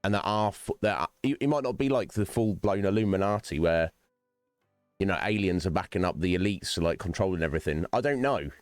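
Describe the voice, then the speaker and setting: A man's voice: deep voice, animated, fairly quick, clear, resonant tone, dry recording, soft background music. A man hosting his own livestream, chatting to viewers by name in a rambling, philosophical way and swearing freely. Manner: chats directly to viewers by name. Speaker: streamer host. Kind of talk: casual livestream chat while gaming.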